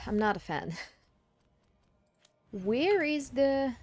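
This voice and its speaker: A woman's voice: on the high side, animated, takes it slowly, pauses often, a little mellow. A woman giving casual, chatty commentary while playing a video game, reacting aloud and swearing now and then. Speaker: let's play gamer.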